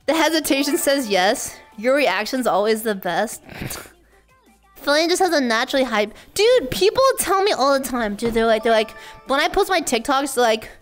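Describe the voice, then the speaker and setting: A woman streamer with a high, squeaky voice, chatting casually and excitably with her chat, often shrieking and laughing. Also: normal speed, soft background music.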